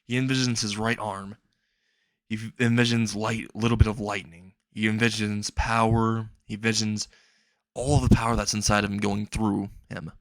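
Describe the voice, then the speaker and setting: A man's voice: fairly low pitch, level tone, moderate pace, dry recording. A man narrating an improvised comedic fan story in a rambling way, laughing at his own jokes.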